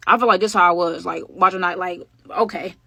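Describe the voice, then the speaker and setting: A young woman telling a casual storytime to her viewers, slangy and animated, with an occasional stammer. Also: lowish voice, fairly quick, vocal fry, husky, dry recording. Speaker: vlogger.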